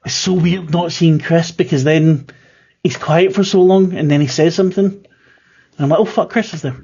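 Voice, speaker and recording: A man's voice: on the high side, steady tone, moderate pace, creaky, mellow, breathy edge, muffled recording. A man running a tabletop horror game as keeper, talking casually with lots of fillers and restarts. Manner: rambling, filler-heavy, self-deprecating.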